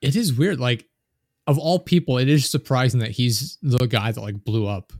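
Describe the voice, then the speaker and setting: A man's voice: mid-range voice, moderate pace, a little mellow, dry recording, studio quality. A man guesting on a podcast, chatting in a laid-back, matter-of-fact way with plenty of filler words. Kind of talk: casual podcast chat.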